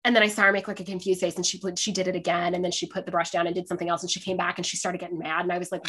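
A woman guest who performs in drag, chatting casually in an interview with lively, swearing storytelling. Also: on the low side, very fast, hardly any pauses. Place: sitting by a window, on a video call.

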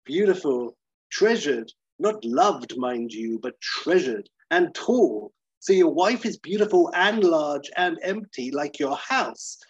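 A sardonic male journalist, as a man puts him on, jabs with dry, mocking sarcasm. His voice is husky and sits a little high, recorded dull and dry. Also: lively intonation, takes it slowly, exaggerated voice. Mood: sarcastic.

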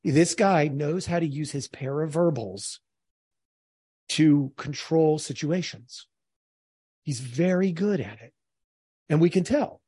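A man's voice: on the high side, slow pace, pauses often, warm tone, breathy edge, dry recording. A man commenting earnestly on a played clip, speaking directly to his audience. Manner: earnest, addresses the audience as folks.

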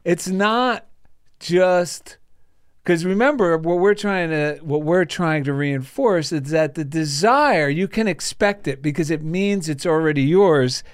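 A man's voice: on the high side, unhurried, clear, resonant tone, no echo, studio quality. A man co-hosting a podcast in casual chat, with reflective, spiritual musings. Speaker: podcast co-host.

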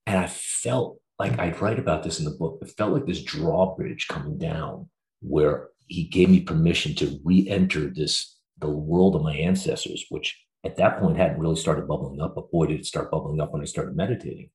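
A middle-aged therapist, appearing as a guest, speaks earnestly, reflectively and with emotional openness about his own life in a candid conversation. He has a dark-toned bass voice and a moderate pace, recorded with a roomy echo.

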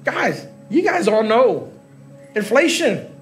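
A man's voice: high voice, animated, moderate pace, faint music behind. A middle-aged man preaching live as pastor in a large church hall, joking with the congregation and laughing. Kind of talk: sermon.

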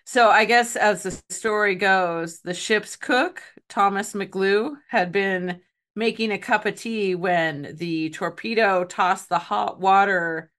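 A woman's voice: medium pitch, slow, a bit bright. A woman telling a story in a casual podcast chat. She laughs often and fills her talk with "like". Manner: chatty, laughs often, many "like" fillers.

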